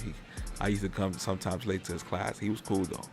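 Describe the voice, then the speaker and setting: A man's voice: low voice, steady tone, brisk, faint music behind. A man hosting a podcast in casual chat, rambling and swearing freely as he airs his opinions. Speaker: podcast host.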